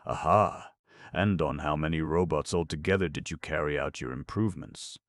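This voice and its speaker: A man reading a sardonic older manager, lecturing, audiobook play, very deep, dry. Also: moderate pace, no echo.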